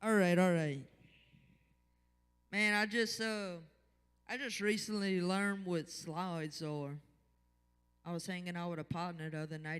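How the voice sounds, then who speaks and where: A man doing stand-up with a bright, crisp, high voice. He rambles in a self-deprecating way and loses his place now and then. His voice echoes through a hall. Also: takes it slowly, pauses often. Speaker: stand-up comedian. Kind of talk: stand-up comedy set. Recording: reverberant bar hall.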